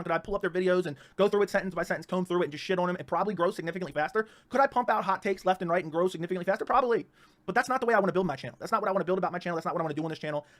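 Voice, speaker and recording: A man hosting his own livestream, ranting heatedly and repeating himself, with frequent stumbling restarts. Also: high-pitched. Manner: rapid, repetitive, stumbling restarts. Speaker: livestream host.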